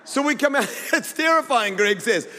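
A man's voice: very high-pitched, animated, normal speed, bright, forceful tone, in a large hall. A man with a New Zealand accent preaching a sermon as pastor, talking in a conversational, humorous storytelling way.

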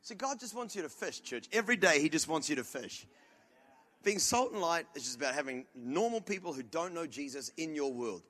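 Kiwi pastor guy preaching, loud and jokey, high bright voice. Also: brisk. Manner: loud, animated storytelling with comic outbursts. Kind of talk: sermon.

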